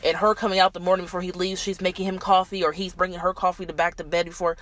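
A woman's voice: fairly low pitch, flat delivery, fast talker, fairly bright tone. A woman co-hosting a podcast, indignant and mockingly quoting characters in casual chat. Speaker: podcast co-host. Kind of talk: casual soap opera recap chat.

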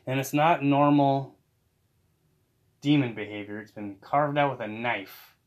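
A man co-hosting a casual chat that recaps a TV episode. He talks playfully and now and then acts out scenes in a high mock voice. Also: a little slow, phone-quality sound. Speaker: podcast co-host.

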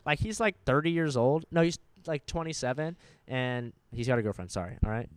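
A man's voice: mid-range voice, expressive, brisk, clear, resonant tone, no room sound. A young man chatting casually as a co-host, rambling through crude, jokey stories. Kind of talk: casual chat.

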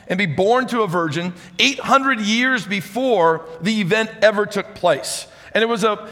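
A man preaching a sermon as pastor, chatty and energetic, speaking to a congregation. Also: high-pitched. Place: church hall with audience. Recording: reverberant church hall.

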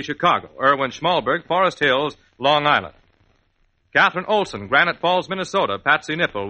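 A male radio announcer briskly reading a list of names on an old broadcast. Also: mid-range voice, bright, forceful tone, low-quality recording.

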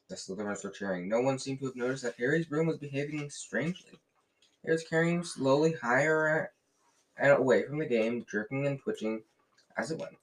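A man's voice: medium pitch, fairly quick, poor audio. Man reading a novel aloud, stumbling often. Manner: lively, with frequent slips and restarts. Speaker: reader.

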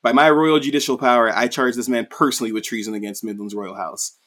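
A man's voice: medium pitch, fairly even intonation, quick pace, fairly bright tone, close to an everyday voice. A man voicing a bitter, cruel king while casually retelling an anime scene. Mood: scornful. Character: bitter aging male king, cruel and scornful.

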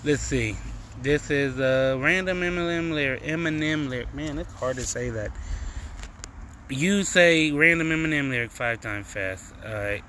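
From home, a podcast host rants casually in a solo show, swearing heavily, mocking and heated. His voice is a little high, a little slow, bright and forceful, with slight background noise and cars passing outside.

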